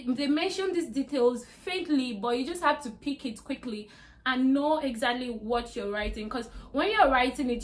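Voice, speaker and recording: A young woman giving exam tips in a chatty vlog, with lots of "like" and "you know". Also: high-pitched. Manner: chatty, repeats "like" and "you get me". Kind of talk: casual talk to camera.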